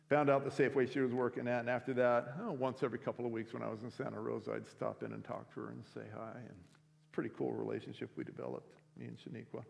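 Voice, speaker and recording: A man preaching a sermon by telling a story, in a relaxed conversational way with frequent restarts. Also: mid-range voice, fast talker, creaky. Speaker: pastor. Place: school chapel or auditorium. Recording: long hall reverb.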